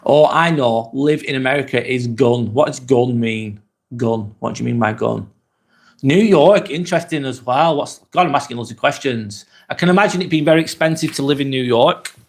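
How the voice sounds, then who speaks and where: Relaxed and chatty, a man from England works through viewer comments on his casual live vlog and poses lots of questions along the way. He has a mid-range voice and a normal speaking speed.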